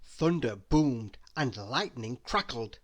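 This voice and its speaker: A man reading a children's bedtime story aloud, slow and expressive. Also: medium pitch.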